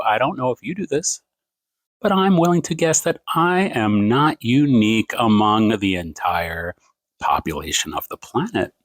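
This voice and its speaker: A man ranting to his phone camera at home late at night, rambling and self-mocking, swinging his pace and pitch for emphasis. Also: lively intonation, normal speed, fairly bright tone, dry recording. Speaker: TikTok creator.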